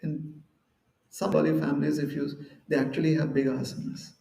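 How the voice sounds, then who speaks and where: A man's voice: on the high side, level tone, brisk, creaky, dark tone, reverberant, recorded from a distance, rough recording. A man giving a devotional lecture at a temple, talking conversationally and explaining with everyday examples and acted-out quotes. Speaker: temple speaker.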